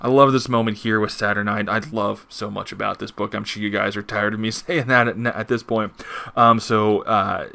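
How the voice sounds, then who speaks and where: A man's voice: on the low side, fairly even intonation, normal speed, gravelly, bright, forceful tone. A man hosting a casual comic book review, gushing with enthusiasm and reading panels aloud, swearing now and then.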